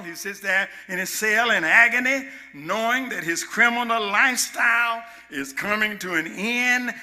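A male preacher, retelling a story to his congregation, swinging from shouted lines to hushed asides. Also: high-pitched. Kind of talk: sermon.

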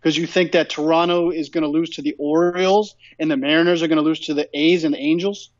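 A man's voice: on the high side, steady tone, fast, no echo, muffled recording. A man co-hosting a sports podcast, ranting emphatically and repeating his points in casual chat. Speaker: podcast co-host.

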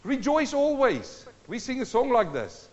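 High-voiced preacher man in an echoing hall. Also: huge pitch swings, unhurried. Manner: exhorting, rhetorical questions, sings a hymn line. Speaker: pastor. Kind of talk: sermon. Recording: dull, long-reverb church hall.

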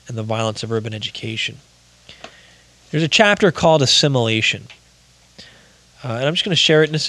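A man's voice: fairly high pitch, fairly bright tone, dry recording. A middle-aged man talking earnestly about his own life, rambling with restarts. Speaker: podcast host, veteran and author. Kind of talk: personal confessional talk.

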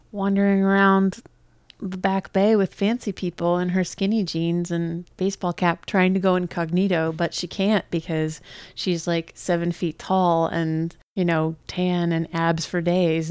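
A woman's voice: fairly low pitch, level tone, normal speed, darkish tone, clean tone, no echo. A New Yorker woman co-hosting a casual chat, playful and giggly, speculating with lots of laughter. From New York. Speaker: podcast co-host.

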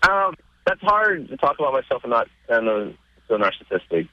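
A man being interviewed on radio, telling stories casually and getting excited, his voice jumping up in pitch as he retells scenes. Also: moderate pace, no room sound, lo-fi sound. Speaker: interview guest.

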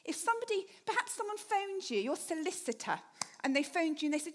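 High-voiced woman preaching chattily. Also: big pitch swings, brisk. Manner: chatty, humorous, asks the congregation questions. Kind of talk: sermon.

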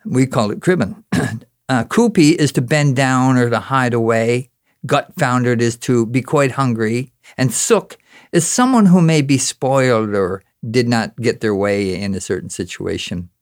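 A man with a Newfoundland accent recites a rhyming spoken-word tale, his lines rising and exclaiming with rhythm. His voice sits at an ordinary middle pitch. The sound is close and dry, with no room around it. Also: expressive, unhurried, dry recording. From Newfoundland, Canada. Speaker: storyteller.

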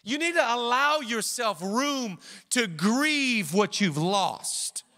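A man's voice: extremely high pitch, animated, slow pace, sharp tone, in a large hall. A man pastor preaching a sermon with an emphatic, repetitive cadence.

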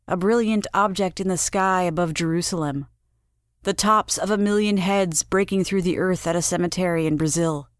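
A woman narrating a short story in a measured storytelling manner. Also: on the low side, no echo, studio quality. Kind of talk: scripted audiobook narration.

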